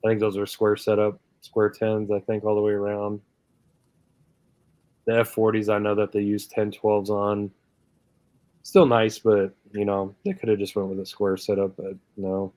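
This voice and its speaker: A man's voice: on the low side, monotone, moderate pace, a little mellow, no room sound. A man hosting a casual live chat stream, laughing often and reading out viewer comments. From Canada. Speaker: livestream host.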